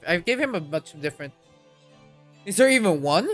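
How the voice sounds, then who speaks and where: A woman streaming a game, making quiet muttered asides between the lines she reads. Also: on the low side, animated, moderate pace, faint music behind. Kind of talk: casual game commentary.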